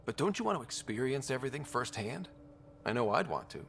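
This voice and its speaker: An actor playing a calm young male expedition leader who speaks plainly. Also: mid-range voice, fairly quick, gravelly, a little hiss or hum.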